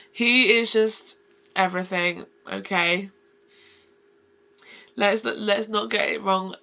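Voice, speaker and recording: Gushing, gravelly-voiced woman book vlogger. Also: mid-range voice, sharp tone. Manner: gushing and effusive, rambling with restarts. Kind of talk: casual book-review vlog.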